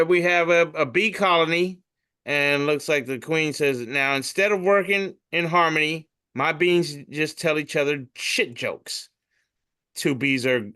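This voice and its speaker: Male comedian host, higher-pitched, bright tone; loose, profane meme reading. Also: clear, resonant tone. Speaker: podcast host reading memes.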